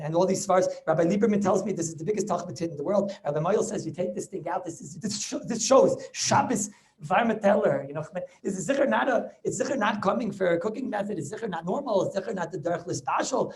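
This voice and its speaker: Rabbi guy teaching on zoom, keeps repeating himself and firing questions. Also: sits high. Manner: animated, repeats words, rhetorical questions. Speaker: rabbi teaching a Talmud class. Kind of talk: lively Torah class over video call. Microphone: video call.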